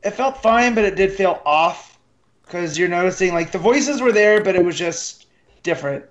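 A man co-hosting a casual film podcast, relaxed and agreeable, talking loosely with many fillers. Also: sits high, normal speed, lo-fi sound. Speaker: podcast co-host. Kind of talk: casual film-discussion chat.

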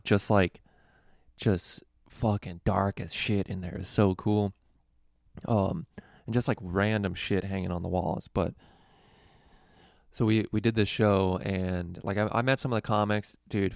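A man's voice: on the low side, creaky, no echo, clean studio sound. A young adult man, a stand-up comedian hosting a podcast, telling stories in rambling, profane casual chat and laughing often.

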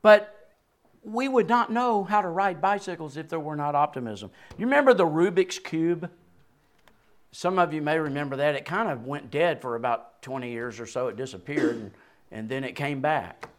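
A man in his sixties delivers a sermon, his fairly high voice leaping up in bursts and falling low and soft. He chuckles now and then between points. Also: moderate pace. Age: 60s. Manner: animated preaching with sudden rises and drops. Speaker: pastor.

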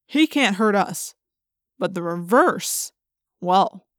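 A woman's voice: medium pitch, animated, takes it slowly, no echo, clean studio sound. A woman reading as a grim, weary teen leader.

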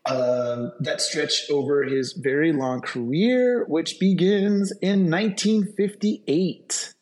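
A man with a fairly high voice chats on a podcast. He reads out actor trivia with enthusiasm, laughing along with his co-hosts. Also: slow pace, a little mellow. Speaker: podcast co-host. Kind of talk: casual podcast chat.

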